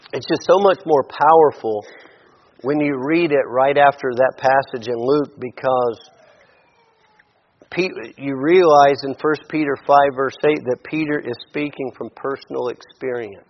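A man's voice: medium pitch, measured pace. A man preaching a sermon in a conversational way, often restarting and repeating words. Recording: dull audio with long hall reverb.

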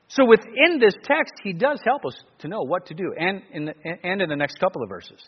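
A male pastor preaching a sermon in an animated way, full of rhetorical questions and frequent restarts. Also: high-pitched, a little fast, few pauses, breathy edge. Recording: dull, lo-fi recording with long reverb.

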